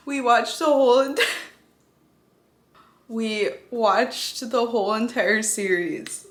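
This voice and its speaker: Young female vlogger, unhurried, giggles, swears offhand, gushes; echoey room sound. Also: on the high side. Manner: giggly, casual swearing, gushing. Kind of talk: casual vlog chat.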